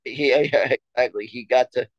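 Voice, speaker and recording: A man chats casually on a sports podcast and trips over his words, repeating himself before he gets to the point. His voice sits at an ordinary pitch. It is recorded close and dry, with a slightly dull, muffled sound. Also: steady tone, normal speed, dry recording. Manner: rambling storyteller with many restarts and stammers. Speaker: podcast co-host.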